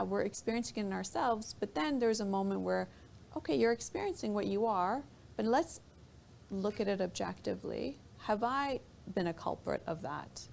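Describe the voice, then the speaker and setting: A woman guest on a radio talk show, explaining her ideas thoughtfully and pausing to find her words. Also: mid-range voice, creaky, darkish tone, slight background noise. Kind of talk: reflective talk radio discussion.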